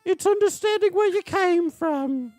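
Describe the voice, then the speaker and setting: A man putting on the tiny, squeaky British voice of a man aged back into a baby. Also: a little slow, darkish tone, no echo, faint music behind. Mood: mock-sentimental.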